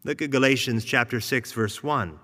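Bright-voiced male pastor preaching. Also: medium pitch, moderate pace. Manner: animated storytelling, acts out a mother and child. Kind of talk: sermon. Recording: long hall reverb.

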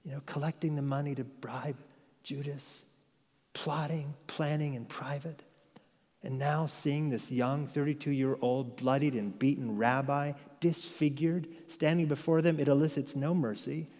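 A male pastor delivers an expository sermon in a fairly high voice. He presses his points hard and keeps asking his listeners rhetorical questions. His words ring out with a long reverb, as if spoken in a large hall. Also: fairly even intonation, a little slow, a little mellow.

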